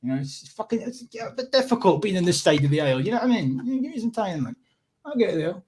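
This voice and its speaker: Scottish male streamer, husky, sweary, rambly, casual chat. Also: high-pitched, very animated, fast, darkish tone. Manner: sweary, rambling, laughs often. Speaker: livestream host.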